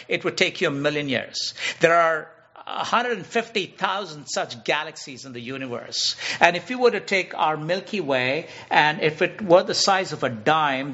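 A man's voice: on the high side, fairly bright tone. A man preaching a sermon, emphatic, repeating phrases and restarting sentences as he builds his point. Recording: dull lo-fi sermon recording.

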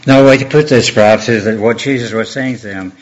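Male pastor preaching, dull recording. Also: medium pitch. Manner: measured preaching with repeated rhetorical questions. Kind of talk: sermon.

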